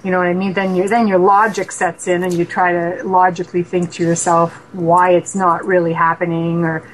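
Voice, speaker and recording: A woman from Canada, a paranormal investigator, telling stories as a radio guest in an animated way and acting out dialogue. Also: fairly low pitch, normal speed, a little hiss or hum, rough recording. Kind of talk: casual storytelling interview.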